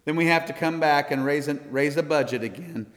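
A man's voice: on the high side, brisk. Earnest folksy American missionary man. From United States. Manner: earnest, folksy, laughs often. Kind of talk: church missions talk. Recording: long hall reverb.

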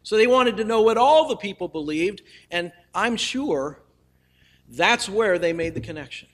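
A man's voice: high-pitched, expressive, normal speed, fairly bright tone. A male preacher telling a scripture story in a folksy, humorous way, with casual asides to the listeners. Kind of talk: storytelling sermon.

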